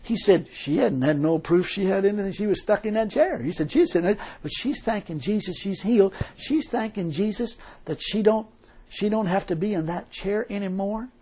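Husky folksy preacher. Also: mid-range voice, expressive, moderate pace, dark tone. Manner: folksy, emphatic, colloquial preaching with frequent rhetorical questions. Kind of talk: sermon.

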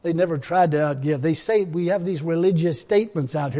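A middle-aged male preacher delivers a sermon in a notably high voice. He is emphatic and repetitive, chuckling between points and calling out praise. The sound rings with the long reverb of a large hall. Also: fairly quick, dark tone. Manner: emphatic, repetitive, punctuated with laughs and "Hallelujah".

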